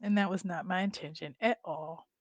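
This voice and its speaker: A woman's voice: on the low side, normal speed, dry recording. Candid middle-aged woman, dry close sound. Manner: candid, conversational, addresses viewers as y'all. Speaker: family caregiver. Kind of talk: personal storytelling vlog.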